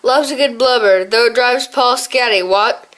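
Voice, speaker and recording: A woman's voice: on the high side, normal speed, fairly bright tone, close to an everyday voice. A woman voicing a hungry, talkative young male hare with a posh, exclaiming manner, in an audiobook. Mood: chatty.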